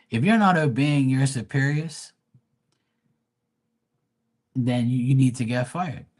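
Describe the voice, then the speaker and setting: A man's voice: medium pitch, breathy edge. A man giving live tarot readings, talking bluntly and profanely, with emphatic restarts. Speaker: tarot reader.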